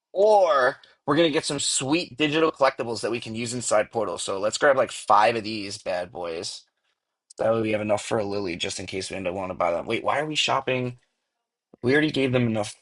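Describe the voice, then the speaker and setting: A man chatting on a casual livestream, loose and slangy, tossing in "bro" and "like" constantly. His voice is mid-pitched and comes through earbuds. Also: fairly bright tone. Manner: slangy, rambling, says bro a lot. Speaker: livestream host. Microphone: earbuds mic.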